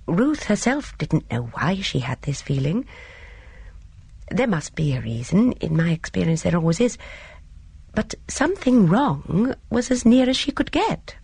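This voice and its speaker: A woman voicing a gentle, apologetic elderly spinster sleuth in an audiobook, hesitant and flustered, with a breathy tone. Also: on the low side, very animated, a little slow, dry recording, full character voice. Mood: fretful. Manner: hesitant, flustered, soft-spoken. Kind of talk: audiobook character voice.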